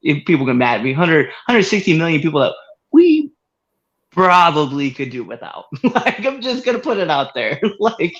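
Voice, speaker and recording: A man co-hosting a podcast, telling a story in casual chat with frequent laughter and excited jumps in voice. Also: normal speed, muffled recording. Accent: Massachusetts. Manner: animated storyteller, laughs often, swings high when excited. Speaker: podcast co-host.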